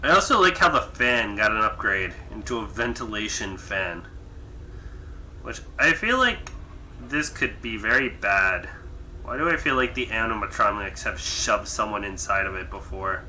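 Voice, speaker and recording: Young man, gaming commentary, sharp and bright, lively swings, sarcastic. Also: lowish voice, slight background noise, rough recording. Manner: animated, sarcastic, quick reactions. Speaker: gaming video creator. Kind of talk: let's play commentary.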